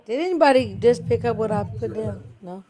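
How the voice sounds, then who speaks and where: A man chatting casually on a video call from outdoors, loud and animated, full of slang, calling out to his cat. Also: high-pitched, a little fast, a crowd in the background. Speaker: caller in a group video chat. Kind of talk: casual chat.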